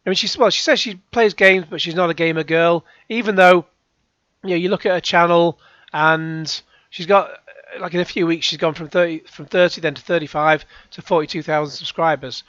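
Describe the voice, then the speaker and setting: A man rambles through sarcastic video commentary, sighing and restarting as he goes. His voice sits a little high. The close recording is dry and slightly dull. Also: brisk, fairly bright tone, no echo. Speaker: YouTube reaction host.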